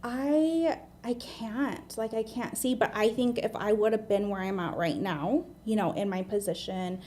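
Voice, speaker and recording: A woman in her thirties with an American accent speaks in a mellow, darker tone as an interview guest. She is open and earnest and often restarts her sentences. She talks in a plain, unhurried way. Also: mid-range voice. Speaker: guest, admissions medical assistant. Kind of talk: candid interview storytelling.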